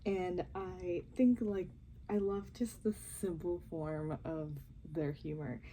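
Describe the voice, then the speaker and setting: A young woman chatting casually and softly at home as she reacts to a TV show, often giggling. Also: lowish voice, steady tone, slow pace, slight background noise, poor audio. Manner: talking softly and quietly, giggly. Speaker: reaction vlogger. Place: home while family sleeps.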